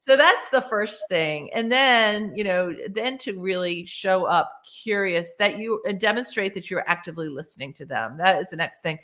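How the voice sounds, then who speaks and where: A woman as a podcast guest giving casual, animated advice and acting out example phrases. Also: mid-range voice, moderate pace, hardly any pauses. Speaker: podcast guest, workplace author.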